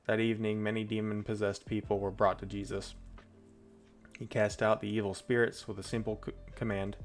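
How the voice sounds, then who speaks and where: A man's voice: lowish voice, flat delivery, fairly quick, soft background music. A man streaming, reading Bible passages aloud and breaking off into chatty, loose asides. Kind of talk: casual Bible reading with commentary.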